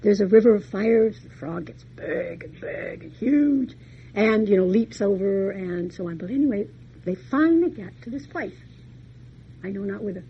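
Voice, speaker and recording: A woman's voice: medium pitch, expressive, moderate pace, dull audio, slight background noise. A woman lecturer retelling a fairy tale in a folksy, chatty way, full of homey asides. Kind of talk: storytelling lecture.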